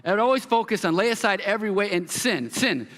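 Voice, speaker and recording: A man preaching a sermon as pastor, telling a story with animated quoted voices. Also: high voice, quick pace. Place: church hall. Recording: long hall reverb.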